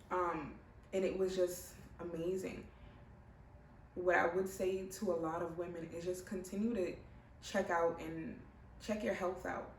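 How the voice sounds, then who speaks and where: A woman's voice: lowish voice, measured pace, a little hiss or hum. Pregnant woman telling a story. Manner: animated, acts out other people's lines. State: heavily pregnant. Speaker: vlogger. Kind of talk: casual storytelling to camera. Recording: roomy, mic at a distance, faint ambience.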